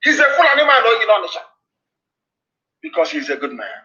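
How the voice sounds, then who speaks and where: Fiery Nigerian man, high and sharp. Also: wildly swooping pitch, brisk. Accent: Nigerian English. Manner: impassioned, denouncing, repetitive warnings. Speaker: activist broadcaster. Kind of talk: fiery political address. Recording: dull lo-fi broadcast replay.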